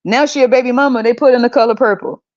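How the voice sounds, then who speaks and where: A woman's voice: on the high side, steady tone, quick pace, darkish tone, muffled recording. A woman hosting a podcast, ranting casually in a blunt, exasperated way and swearing freely. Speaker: podcast host.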